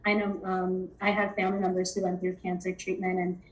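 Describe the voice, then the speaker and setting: A woman guest sharing thoughts on intuitive eating in a relaxed, rambling way, with many fillers. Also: fairly low pitch, a little fast, low-quality recording. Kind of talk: conversational interview.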